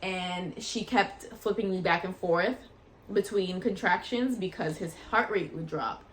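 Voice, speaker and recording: A woman vlogger casually telling a personal story in a chatty, animated way, acting out what people said. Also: on the low side, unhurried, a little hiss or hum. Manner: chatty and animated, acts out quoted voices.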